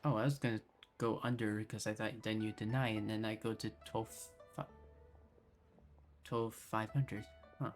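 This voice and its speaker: Playful woman streamer with halting chatter. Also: extremely low pitch, fairly even intonation, faint music behind. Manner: playful, hesitant, full of fillers. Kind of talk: casual gameplay commentary.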